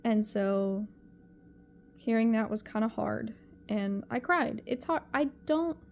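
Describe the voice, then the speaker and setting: A woman's voice: on the high side, expressive, slow, gravelly, a little mellow, slight background noise. A young woman talking to camera in a personal vlog, emotional and rambling, often repeating herself. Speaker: vlogger.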